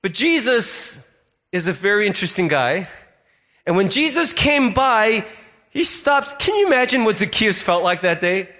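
Man, pastor, sermon, high-pitched voice, storytelling delivery. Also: big pitch swings, moderate pace, pushed and bright. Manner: storytelling, acts out voices in quotes.

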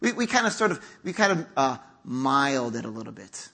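A man's voice: medium pitch, very animated, normal speed, vocal fry, sharp tone, husky. A middle-aged man preaching a conversational sermon in a church, acting out quotes as he goes. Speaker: pastor. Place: church sanctuary.

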